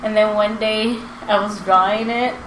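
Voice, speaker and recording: A woman in her twenties chatting casually and telling a story, animated, with lots of fillers and acted-out quotes. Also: medium pitch, moderate pace. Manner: animated, filler-heavy, acts out quotes with laughter. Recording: roomy with background noise.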